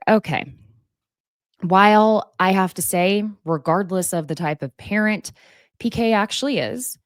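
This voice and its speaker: A woman's voice: deep voice, no echo, clean studio sound. A woman hosting a casual recap, chatty and opinionated, with asides and mock voices. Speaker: recap host.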